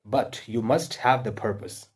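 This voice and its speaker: An Indian-accented man speaks casually to English learners, earnest and repetitive, circling back to his point with fillers and restarts. His voice sits at an everyday pitch with a husky, slightly breathy edge. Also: unhurried. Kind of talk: casual spoken advice to learners.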